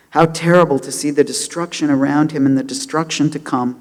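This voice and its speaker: A man delivers a sermon in a fairly high voice, impassioned and dramatic. He swings from loud declarations to near-whispered moments. The sound carries a long reverb, as in a large hall. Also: steady tone, brisk, hardly any pauses. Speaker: rabbi giving a holiday sermon.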